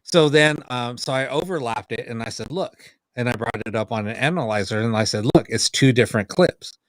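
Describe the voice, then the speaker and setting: A man of middle pitch tells a story in loose, casual chat. He keeps acting out what others said, lifting his voice to play them. The sound is dry and close, with no room echo. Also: fairly quick. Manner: animated, acts out quoted dialogue. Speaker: podcast co-host, paranormal investigator.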